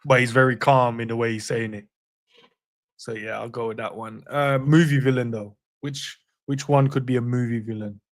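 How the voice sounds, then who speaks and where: Co-host, easygoing man, quick to laugh, dry close mic. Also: mid-range voice, steady tone, no room sound. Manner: laid-back, laughs often, says bro a lot. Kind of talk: casual live chat.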